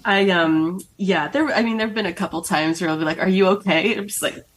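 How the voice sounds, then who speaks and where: Low woman, author guest, loose casual chat, laughs through lines. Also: fairly quick. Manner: emotional, laughs often while talking.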